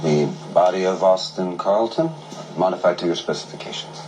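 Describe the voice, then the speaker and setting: Male actor as a low-voiced Russian-accented lab doctor in an indie film, clinical and measured. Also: over music, close to an everyday voice, low-quality recording. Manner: measured, clinical explanation with hesitations.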